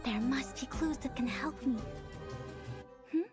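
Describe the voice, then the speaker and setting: An eager, curious young man from a game trailer, with a very high, light voice. Music plays clearly underneath. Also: unhurried. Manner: earnest, curious.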